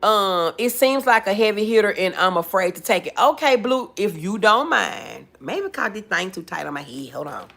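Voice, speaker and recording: Lively woman chatting on a livestream. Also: medium pitch, moderate pace, creaky, hardly any pauses. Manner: chatty, calls viewers boo and baby. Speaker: livestream host. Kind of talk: casual live chat reading comments.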